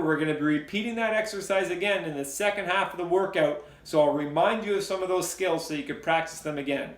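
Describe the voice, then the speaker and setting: A man with a fairly high voice coaches an indoor cycling workout. He counts down each interval and repeats short, upbeat cues. The sound is roomy, with a clear echo around him. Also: a bit bright.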